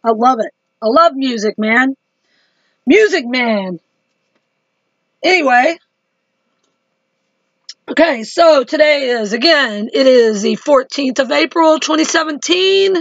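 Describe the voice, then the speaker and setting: A woman's voice: high-pitched, animated, slow pace, pauses often, no room sound, highs cut off. A woman chatting to her viewers in a casual religious video diary, laughing easily. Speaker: Christian vlogger.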